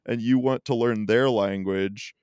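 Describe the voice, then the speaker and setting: A man's voice: on the low side, fairly even intonation, unhurried, a little mellow, clean tone, no echo, clean studio sound. A man co-hosting a casual podcast, telling rambling stories in a chatty way. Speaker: podcast co-host.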